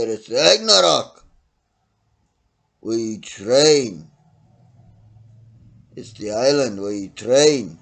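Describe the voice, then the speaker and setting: A middle-aged man delivers a profane opinion rant at a slow, deliberate pace, with a mid-pitched voice. He talks bluntly, rising to loud outbursts and then dropping to low mutters. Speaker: vlogger ranting to camera.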